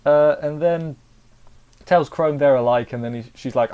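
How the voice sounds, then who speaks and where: A man's voice: mid-range voice, normal speed, highs cut off. Man, casual anime episode review, rambling, repeats himself, restarts sentences.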